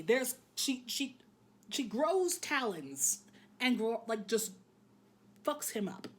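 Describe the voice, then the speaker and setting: A high-pitched woman runs through an anime episode casually and frankly, cracking jokes. Her speech is full of swearing, and she fills gaps with "um."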